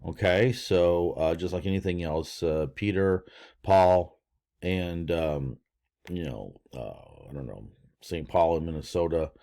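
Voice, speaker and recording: A man's voice: sits low, unhurried, creaky, mellow. An older man teaching a casual language lesson, rambling with lots of fillers and restarts. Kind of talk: casual screen-share lesson.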